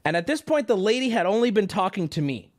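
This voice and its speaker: A male streamer telling a story in casual livestream talk, animated and swearing, rambling with restarts. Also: high-pitched, fast talker.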